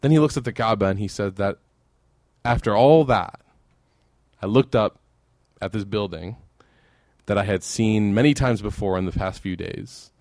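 A man's voice: lowish voice, normal speed, long pauses, a little mellow, dry recording, studio quality. A man giving a sermon, telling a story and then closing in fervent prayer. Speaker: preacher.

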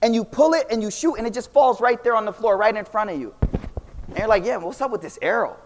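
A young man giving a casual, animated Islamic talk full of slang, swinging between loud and quiet. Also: high-pitched, fast, slight background noise. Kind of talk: casual storytelling lecture. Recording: long reverb of a hall.

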